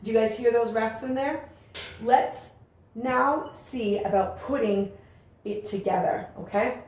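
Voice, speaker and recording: A woman's voice: on the high side, measured pace, a little mellow. A woman teaching a music lesson, explaining rhythms and chanting rhythm syllables aloud with encouragement. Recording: very echoey room with faint ambient noise.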